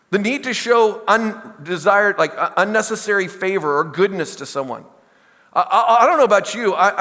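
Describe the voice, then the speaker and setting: A man's voice: high voice, pushed and bright, big-room sound. A middle-aged man preaching a sermon as pastor, talking in a conversational way, with stories, asides and questions to the congregation. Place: church sanctuary.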